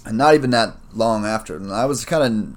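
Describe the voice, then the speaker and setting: A man with a very low voice tells a personal story in a casual solo monologue. He rambles and swears freely and keeps dropping "man" and "bro" into his sentences. As he reflects on what happened, he gets worked up again. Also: fairly quick. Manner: rambling, profane, streetwise slang, says "man" and "bro" a lot.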